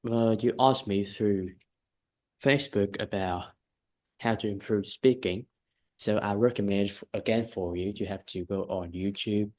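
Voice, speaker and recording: Male English tutor, lower voice, emphatic and repetitive coaching, frequent check-ins. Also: a little mellow. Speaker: English teacher. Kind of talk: one-on-one lesson feedback.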